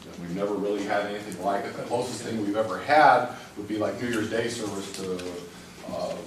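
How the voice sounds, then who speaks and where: Congested man, low voice, casual briefing with lots of uh's, recorded from far off in an echoey room. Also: fairly quick, a little hiss or hum. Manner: conversational, frequent uh and um, restarts itself. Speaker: rail operations executive giving a briefing. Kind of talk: informal presentation at a public meeting. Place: large meeting room. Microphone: distant room mic.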